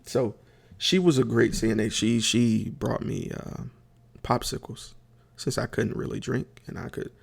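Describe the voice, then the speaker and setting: A man's voice: mid-range voice, steady tone, unhurried, creaky, breathy edge. A man hosting a podcast, telling a comic story in a rambling, chatty way, full of fillers and talking straight to his listeners. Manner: chatty, addresses listeners directly; rambling with many fillers and restarts. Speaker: podcast host.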